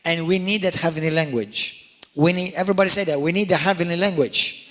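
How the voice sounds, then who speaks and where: A man preaching a sermon, swinging from quiet explanation to loud calls with frequent hallelujahs and amens. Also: on the high side, brisk. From Malta. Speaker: pastor.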